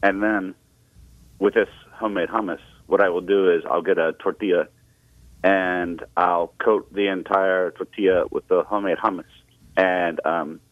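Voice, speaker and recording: A man with a very deep voice phones in to a radio show, working through what he says haltingly with many pauses. The audio is a thin, tinny phone line that sounds dry and close. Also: fairly even intonation, no echo. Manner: halting, lots of fillers. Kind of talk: casual phone chat.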